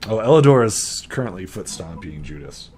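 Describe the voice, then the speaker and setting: Giggly, animated man running a tabletop game. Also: low voice, a little fast, slight background noise. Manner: casual, giggly, many fillers. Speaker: game master.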